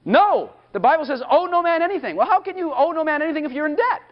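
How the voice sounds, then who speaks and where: A man's voice: extremely high pitch, very animated, quick pace. A man preaching a sermon, emphatic and full of rhetorical questions, at times speaking in God's voice. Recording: dull lo-fi recording.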